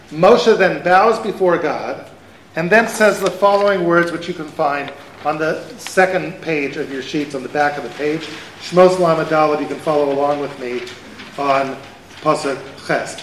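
A rabbi teaching a class, a man speaking in an animated lecture style with lots of rhetorical questions. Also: high-pitched, a little hiss or hum. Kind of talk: lively lecture. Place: event hall. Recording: roomy hall sound.

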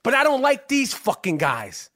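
A man hosting a podcast, talking sports in a profane, rambling, excitable way. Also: very high-pitched, moderate pace, no echo, clean studio sound. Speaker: podcast host. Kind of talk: casual sports chat.

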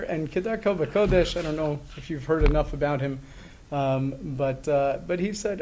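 A middle-aged man telling a story in a conversational way, halting with many fillers and restarts, earnest and reflective. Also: on the high side, a little mellow, slight background noise.

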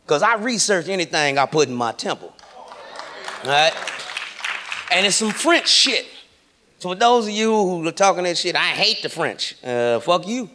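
A man performing a stand-up comedy routine, loud and profane, shouting his punchlines. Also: high-pitched, very animated, moderate pace, pauses often, noisy background. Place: comedy stage before a large audience. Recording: live show with loud roaring audience.

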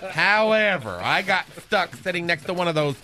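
A man's voice: high-pitched, big pitch swings, moderate pace. A man playing a flamboyant, catty male receptionist in a radio comedy sketch, chattering campily into the phone. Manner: campy, gossipy, one-sided phone chatter.

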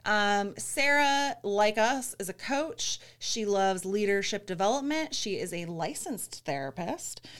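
A woman in her forties from Michigan, co-hosting a podcast in bubbly, animated casual banter. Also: mid-range voice, measured pace, hardly any pauses, clean tone. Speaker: podcast co-host, business coach.

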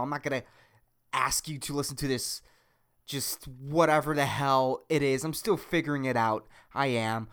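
A man hosting a solo comedy podcast, rambling and self-mocking, crude, with a high squeaky voice. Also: a bit bright, smooth. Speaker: podcast host.

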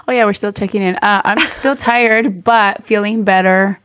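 A woman co-hosting a casual chat over a video call, a little hoarse after losing her voice, mixing Spanish into English. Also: medium pitch, fairly even intonation, a little slow, fairly bright tone. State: hoarse, recovering from lost voice. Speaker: podcast co-host.

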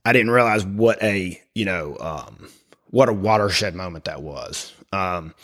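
A middle-aged man sharing his personal faith story in conversation, speaking haltingly with many fillers and restarts. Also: low voice, a bit bright. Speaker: guest.

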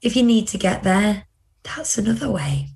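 A woman's voice: medium pitch, animated, normal speed, darkish tone. A British woman co-hosting a podcast in casual chat, running through news with chatty asides. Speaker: podcast co-host.

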